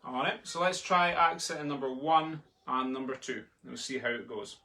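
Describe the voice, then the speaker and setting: A man leads a live drumming lesson from his home, chatting easily and chanting the sticking aloud. His voice sits in a middle register. Drumstick clicks and steady noise run behind him on a laptop recording. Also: medium pitch, normal speed. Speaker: drumming tutor. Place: home room. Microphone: laptop in front of him.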